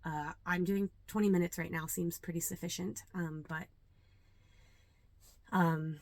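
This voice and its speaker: A young adult woman, a yoga teacher, talking earnestly and reflectively to camera, with many ums and pauses. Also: fairly low pitch, steady tone, dry recording. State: a little nervous. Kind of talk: casual talk to camera.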